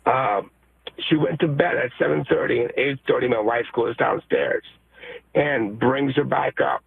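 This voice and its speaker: A hoarse man from New York calling in to a radio show, excited and emotional, halting with many fillers. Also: medium pitch. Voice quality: raspy, gravelly. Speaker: caller. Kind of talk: radio call-in. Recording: tinny phone line.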